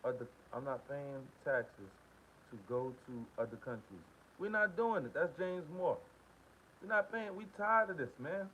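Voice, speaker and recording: A man's voice: on the high side, expressive, a little slow, pushed and bright, low-quality recording. Guy venting on his live stream, repeats himself a lot, slangy, faint hiss behind him. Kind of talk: casual live-stream commentary, reading chat.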